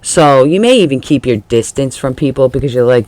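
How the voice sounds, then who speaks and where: A man's voice: mid-range voice, lively intonation, brisk, few pauses, darkish tone, no room sound. A man giving a casual tarot reading, chatty and laughing often, acting out the feelings he describes. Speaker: tarot reader.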